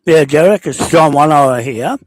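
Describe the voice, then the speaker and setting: A man's voice: a little high, normal speed, dry recording. A man from New Zealand with a New Zealand accent, leaving a rambling, indignant spoken message as a self-described landowner, repeatedly asking "okay?". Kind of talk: recorded spoken message, unscripted rant.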